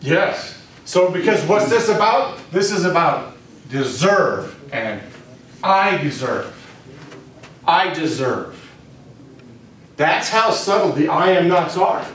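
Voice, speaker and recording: A man giving a spiritual teaching to a small group, speaking deliberately and repeating key phrases for emphasis. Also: high voice, big pitch swings, fairly bright tone. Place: room with a live audience. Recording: very echoey room, distant mic, faint noise.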